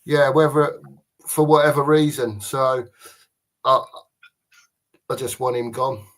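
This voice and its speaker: A man with a Cockney accent co-hosting a casual pub chat show, blunt and quick to laugh. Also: mid-range voice, steady tone. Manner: laughs often, blunt and chatty. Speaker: podcast co-host.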